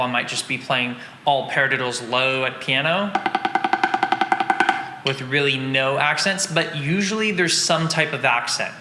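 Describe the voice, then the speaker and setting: Bright-toned male drum teacher. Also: fairly high pitch, roomy sound, big-room sound, slight background noise. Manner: explains patiently, counting out strokes. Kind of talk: instructional drum lesson.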